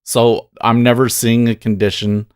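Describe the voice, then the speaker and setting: A man's voice: mid-range voice, little pitch movement, normal speed, a little mellow, clean tone, dry recording, studio quality. A man hosting a day trading livestream, thinking aloud in a rambling, casual way and laughing often.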